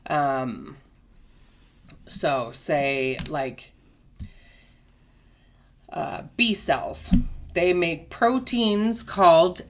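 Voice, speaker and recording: A woman with a low voice explains a health topic at an unhurried pace. She teaches patiently, uses everyday comparisons and keeps checking that the listener is following. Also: background noise. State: has the hiccups. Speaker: health educator. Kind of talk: casual explanatory lesson.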